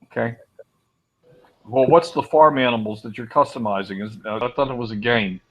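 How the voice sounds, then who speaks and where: A man's voice: mid-range voice, moderate pace, fairly bright tone, rough recording. A man hosting a small online group chat, talking in an easygoing, chatty way with restarts. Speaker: group host.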